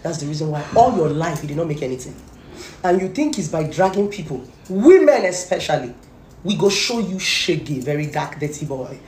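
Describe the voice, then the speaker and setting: A woman's voice: fairly low pitch, big pitch swings, fairly quick, a little mellow, reverberant, slight background noise. A woman with a Nigerian accent, ranting angrily and scolding someone directly as a gossip commentator. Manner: scolding, repetitive, confrontational. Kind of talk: angry rant to camera.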